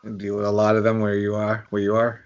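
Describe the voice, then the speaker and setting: A man's voice: lowish voice, completely flat delivery, fast talker. A middle-aged man co-hosting a podcast, making wry, laid-back jokes while watching a film. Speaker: podcast co-host. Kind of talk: casual live-watch banter. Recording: dull lo-fi podcast audio.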